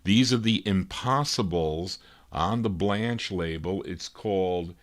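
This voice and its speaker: A man with a very low voice hosts a live record show in relaxed, casual chat. He muses aloud as he goes, pausing often and filling the gaps with "uh.". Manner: easygoing and musing, thinks aloud with many "uh"s.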